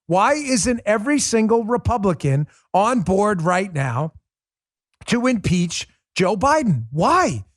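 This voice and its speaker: A middle-aged man rants in a fired-up, scornful political monologue, hammering his points with insults and repetition. His voice sits high and swings widely in pitch. The sound is close and dry, with no room around it. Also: very animated, slow, dry recording. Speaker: political commentary host.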